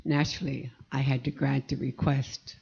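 A woman's voice: a bass voice, normal speed, creaky, slightly rough, muffled recording. Older woman telling a life story. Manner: vivid, animated recollection with acted-out quotes. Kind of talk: personal storytelling.

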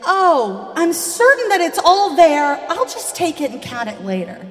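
Woman voicing a cashier, female, flustered, high, eager to please, echoey hall. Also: very animated, fairly quick, a little mellow, soft background music. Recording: echoey hall with long reverb.

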